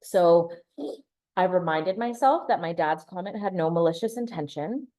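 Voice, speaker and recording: A woman's voice: on the low side, lively intonation, moderate pace, mellow. A woman in her thirties giving a presentation, telling a candid personal story and sometimes restarting or repeating words. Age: 30s.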